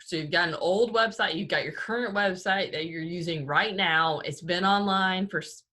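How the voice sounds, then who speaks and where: Low-voiced, bright woman podcast co-host. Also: normal speed. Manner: chatty, peppered with "like". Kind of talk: casual podcast chat.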